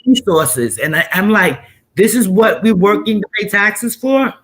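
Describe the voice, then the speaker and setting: A middle-aged woman with a New York accent, hosting a casual live-stream chat in an animated, repetitive, streetwise way. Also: medium pitch, measured pace. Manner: animated, repeats herself, streetwise phrasing.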